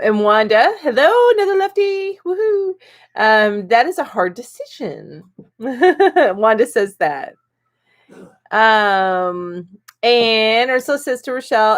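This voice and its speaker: Chatty, giggly woman live-stream host. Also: a little high. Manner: chatty and giggly, many ums, reads comments aloud. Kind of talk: casual live-stream chat, reading viewer comments.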